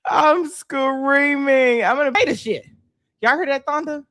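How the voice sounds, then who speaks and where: A woman's voice: high voice, measured pace, fairly bright tone, no room sound, clean studio sound. A woman co-hosting a live-stream chat, brash and profane, thanking viewers for their gifts.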